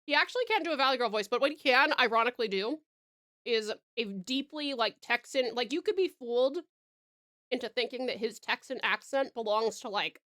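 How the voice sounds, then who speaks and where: A woman's voice: fairly high pitch, expressive, brisk, fairly bright tone. A woman with an Australian accent chatting casually on a live stream, giggling and eating as she talks. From Tasmania, Australia.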